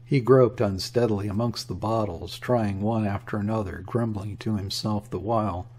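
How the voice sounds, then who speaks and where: A man narrating a classic novel in a steady, measured reading. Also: lowish voice, a little hiss or hum. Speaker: audiobook narrator. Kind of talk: scripted narration.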